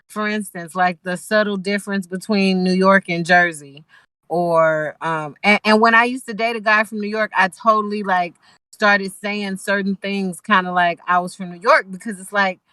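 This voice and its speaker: A woman's voice: mid-range voice, fairly even intonation, moderate pace, pushed and bright, clear, resonant tone, no room sound, low-quality recording. A woman from Los Angeles, a guest musician, talking casually and thoughtfully with lots of restarts over a video call. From Los Angeles, USA. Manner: talkative, thoughtful, many restarts. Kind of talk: casual chat.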